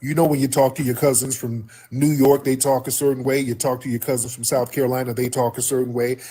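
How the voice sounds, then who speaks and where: A man hosts a call-in livestream with a husky, slightly breathy voice. He hammers his points home and says them again for emphasis. His voice sits at an ordinary middle pitch. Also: flat delivery, fast talker, mellow. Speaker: host.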